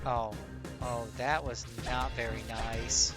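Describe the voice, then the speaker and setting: A man giving chatty live gameplay commentary as a streamer, talking straight to his viewers and jumping into high playful tones. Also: flat delivery, slow pace, over loud music. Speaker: game streamer.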